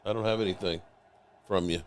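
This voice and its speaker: Low-voiced man hosting a sports chat. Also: fairly quick. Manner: relaxed, reacts aloud to the game. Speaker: live stream host. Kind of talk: casual sports reaction chat.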